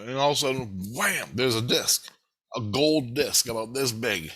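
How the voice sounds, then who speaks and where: A man's voice: mid-range voice, moderate pace, breathy edge. A man telling a rambling story in a casual monologue, cursing freely and acting out the voices of the people he quotes. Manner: animated, profane, acts out quoted voices. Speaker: vlogger.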